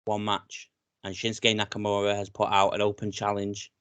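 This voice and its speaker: A British man co-hosting a casual wrestling podcast, chatty and excitable, often saying "mate". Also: lowish voice, moderate pace, clean tone, no room sound. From Britain. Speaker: podcast co-host.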